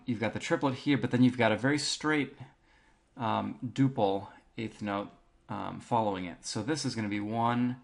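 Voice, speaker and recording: A male band teacher calmly walking students through a piece, counting beats aloud with frequent ums. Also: fairly low pitch, vocal fry. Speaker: music teacher. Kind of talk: instructional walkthrough.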